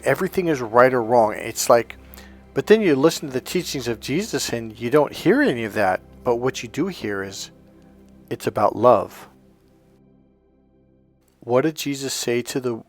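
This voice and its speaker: A man's voice: medium pitch, lively intonation, normal speed, faint music behind. A middle-aged man, a life coach, delivering an emphatic, preachy motivational monologue full of storytelling.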